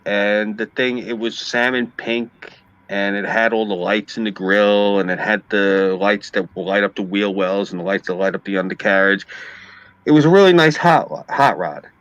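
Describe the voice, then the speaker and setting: A man's voice: lowish voice, normal speed, fairly bright tone, dry recording, dull audio. A man chatting casually on a live stream, telling stories animatedly and swearing freely. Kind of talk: casual chat and storytelling.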